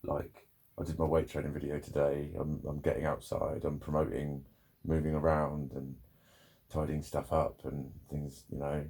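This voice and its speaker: Gravelly low-voiced man rambling. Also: monotone, normal speed, mellow. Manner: rambling, sweary, self-critical. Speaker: vlogger. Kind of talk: casual confessional vlog.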